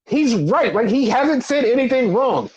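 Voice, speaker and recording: A man's voice: extremely high pitch, sing-song, measured pace, a little mellow, lo-fi sound, a little hiss or hum. A young man co-hosting a wrestling podcast, ranting in casual, heated talk full of swearing and repeated jabs.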